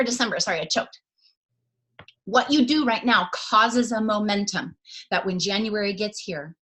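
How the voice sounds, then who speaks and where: A woman's voice: a little high, fairly bright tone. A woman giving a fervent, preachy motivational pep talk and repeating her key phrases. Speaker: motivational speaker.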